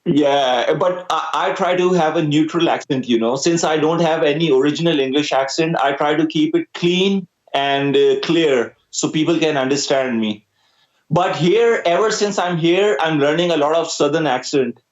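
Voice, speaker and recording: A man's voice: on the high side, moderate pace, reverberant, muffled recording. A young man from Pakistan with a Pakistani accent, an Urdu speaker, talking as a guest musician in a casual interview, hesitant with many fillers. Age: young adult.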